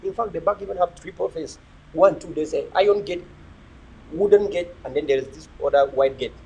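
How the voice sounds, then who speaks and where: A man's voice: on the high side, brisk, vocal fry, dark tone, slightly rough, low-quality recording. A young man hosting a live video chat, preaching and joking, slipping between pidgin and English. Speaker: livestream host.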